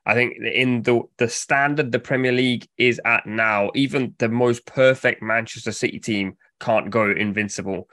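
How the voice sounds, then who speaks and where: A man hosting a casual football podcast, steady and presenting, moving the chat along. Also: mid-range voice, moderate pace, few pauses, dry recording, studio quality. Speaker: podcast host.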